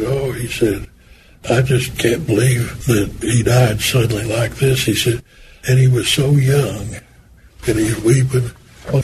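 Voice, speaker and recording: An older man recounting memories in an easy, folksy way, slipping into the voices of the people he quotes. His voice sits in a middle register. The recording carries a clear hiss of background noise underneath. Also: medium pitch. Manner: folksy, anecdotal, acts out quoted dialogue. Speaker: interviewee recalling a former boss. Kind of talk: oral history storytelling.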